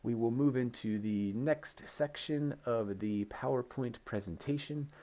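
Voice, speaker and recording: A young man teaching beginner in a recorded lesson, speaking patiently and repeating phrases slowly. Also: medium pitch, dark tone. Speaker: English teacher.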